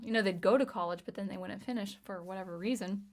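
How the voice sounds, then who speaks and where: A woman in her thirties chatting casually on a livestream as she reads viewer comments, talking in a halting way with frequent restarts. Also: medium pitch, fairly even intonation. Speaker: livestream host, music teacher and composer.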